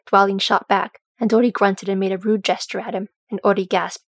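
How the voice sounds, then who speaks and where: A woman reading a fantasy chapter aloud in a steady, measured storybook narration. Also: mid-range voice, no room sound. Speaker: audiobook reader. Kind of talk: storybook narration of fan fiction.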